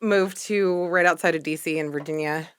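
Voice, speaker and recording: A woman's voice: low-pitched, normal speed, clean tone, no echo, studio quality. A woman from Texas in her thirties with a mixed Texas and East Coast accent, chatting as a podcast guest and rambling with many fillers. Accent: mixed Texas and East Coast American. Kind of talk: casual interview chat.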